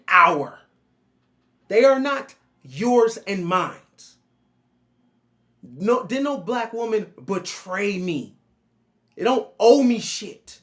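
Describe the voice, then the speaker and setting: A man's voice: high-pitched, fairly bright tone. A man hosting a reaction commentary, blunt and emphatic, talking back at the clip he is watching. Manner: blunt, emphatic, keeps addressing the other man by name.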